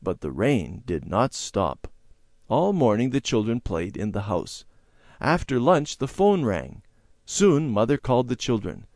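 A man narrating a children's Bible story with measured, clear delivery. His mid-range voice moves with lively, expressive intonation. The recording is dry and close. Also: mid-range voice, no echo.

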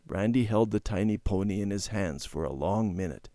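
A man reading a children's Bible story aloud in a gentle, clear storytelling manner. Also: lowish voice, normal speed, hardly any pauses, dry recording, studio quality.

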